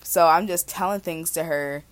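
A woman's voice: lowish voice, normal speed, no room sound. A young woman in her twenties hosting a podcast, chatting casually with slang and swearing. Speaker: podcast host. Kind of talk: casual chat.

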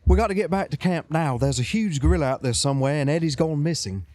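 A man voicing a gruff, crude soldier, blunt and quick to swear. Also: a little high, animated, darkish tone, no room sound, close to an everyday voice. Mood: urgent. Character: gruff crude British soldier, male adult.

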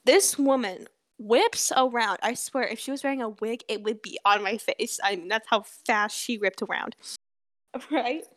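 A woman's voice: a little high, unhurried, fairly bright tone. A teenage girl co-hosting a podcast, telling a story in casual chat, laughing often and swearing freely. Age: teens. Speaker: podcast co-host.

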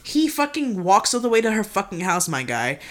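A woman's voice: medium pitch, big pitch swings, a little fast. A woman co-hosting a podcast, telling a story in casual slang and swearing constantly. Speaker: podcast co-host.

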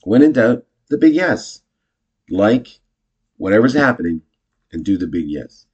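A man casually teaching improv, chatty and self-correcting, jumping into animated example lines. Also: on the low side, measured pace, breathy edge, highs cut off.

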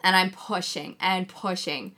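A young woman chatting casually as a podcast co-host, telling a blunt, heavily sworn, animated story. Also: lowish voice, unhurried. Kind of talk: casual chat.

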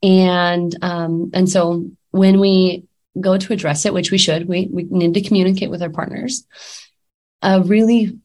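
A woman in her thirties speaks as a life coach in a candid, conversational way, full of fillers and self-corrections. Her voice sits a little low, and she sounds slightly under the weather. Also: fairly even intonation, measured pace, darkish tone. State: a little sick. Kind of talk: casual talk to camera.

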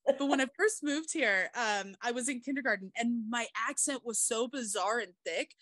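A woman's voice: on the high side, normal speed, no room sound. A woman with a mixed Southern accent and a bit of Kansas twang, hosting a casual interview in an open, chatty way. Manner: open, chatty, speeds up when excited. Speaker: podcast host.

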